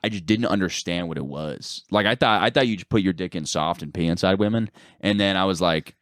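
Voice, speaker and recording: A man's voice: sits low, a bit bright, no echo, clean studio sound. A young man telling crude stories on a podcast, swearing a lot, laughing and acting out what people said. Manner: fast, laughing, swears a lot, acts out quotes. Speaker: podcast guest. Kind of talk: casual crude storytelling.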